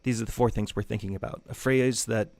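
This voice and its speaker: A man's voice: medium pitch, steady tone, fairly quick, creaky, a little mellow, no room sound. A man teaching music theory in a loose, conversational lecture with jokey asides. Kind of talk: casual lecture.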